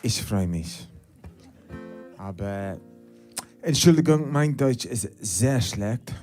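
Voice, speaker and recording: A Scottish singer-songwriter whose first language is English, chatting to a concert audience in halting, apologetic, self-mocking banter between songs. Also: male voice, on the low side, lively intonation. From Scotland. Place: studio concert stage. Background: acoustic guitar.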